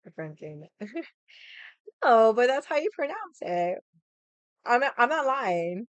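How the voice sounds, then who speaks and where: Chatty woman with a smooth clear voice. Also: on the high side, unhurried, no room sound. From United States. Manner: chatty and animated, laughs often, swears casually. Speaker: livestream host. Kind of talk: casual chat.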